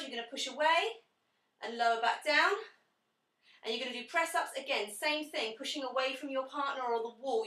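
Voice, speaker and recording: High bright woman leading a pilates class. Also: far from the mic. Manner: encouraging, cueing breaths and giving corrections. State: out of breath at times. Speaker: pilates instructor. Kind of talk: live online fitness class instruction. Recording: echoey room, away from the mic.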